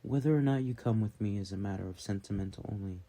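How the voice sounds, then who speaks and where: Guy reading sly proud wolf goddess girl, dry teasing, low dark mellow voice. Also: quick pace, natural voice. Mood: measured. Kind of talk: audiobook character reading.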